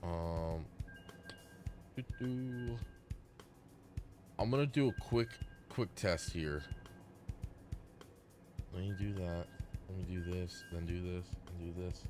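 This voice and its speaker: A man streaming a video game live, excitable and apologetic as he chats with his viewers. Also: low voice, takes it slowly, long pauses. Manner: excitable, yelps and laughs during play. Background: game music.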